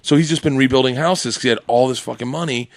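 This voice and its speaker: A man on a podcast telling stories in casual chat, excitable and profane, often laughing as he talks. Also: medium pitch, quick pace, dry recording, clean studio sound. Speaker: podcast guest.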